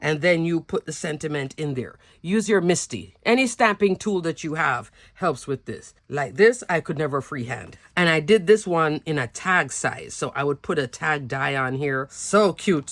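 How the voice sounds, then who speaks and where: A woman with a fairly low voice talks chattily through a craft demo, gushing over every cute piece. She sounds close to the mic in a dry, dead room. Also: fairly bright tone, no echo. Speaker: craft channel host. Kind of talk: casual product show-and-tell.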